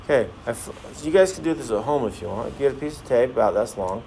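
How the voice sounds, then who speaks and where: This male science teacher has an expressive, mid-range, darkish voice with vocal fry, speaking at a quick pace over a faint hiss or hum. He jokes and fires question after question at the class during a demonstration.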